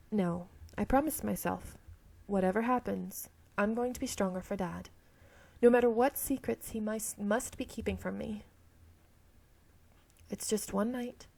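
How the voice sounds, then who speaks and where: Gravelly-voiced woman reading a game aloud. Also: medium pitch, mellow. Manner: reads narration, stumbles and self-corrects, laughs at herself. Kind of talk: reading a visual novel aloud with asides.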